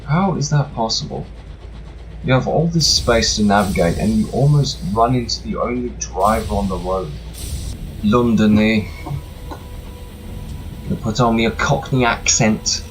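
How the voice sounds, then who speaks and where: A man's voice: mid-range voice, moderate pace. A man narrating a video game, reading its text aloud with mock-dramatic flourishes and dry joking asides. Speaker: gameplay narrator. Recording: faint music behind, slightly tinny room.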